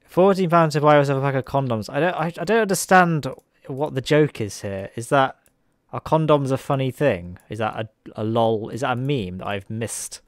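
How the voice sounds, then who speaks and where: A man's voice: medium pitch, normal speed, hardly any pauses, no echo, studio quality. Chuckling man streaming a game. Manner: chatty, chuckling, talks to viewers. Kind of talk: live gameplay commentary.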